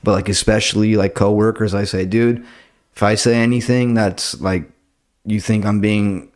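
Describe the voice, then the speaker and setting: Low-voiced laid-back young man. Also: fairly even intonation, normal speed, darkish tone. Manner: laid-back, swears a lot, retells arguments in quoted voices. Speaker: podcast host and comedy club door staff. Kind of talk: casual chat.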